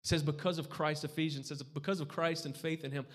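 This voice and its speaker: A man's voice: a little high, steady tone, fast. A pastor in his thirties preaching a sermon, talking in a conversational way and often asking the congregation questions. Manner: conversational, asks the crowd questions. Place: church hall. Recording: hall reverb in a church.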